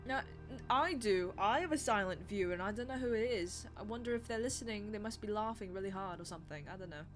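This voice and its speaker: A woman's voice: mid-range voice, quick pace, faint music behind. A young woman streaming live, chatting casually in a rambling, self-deprecating way.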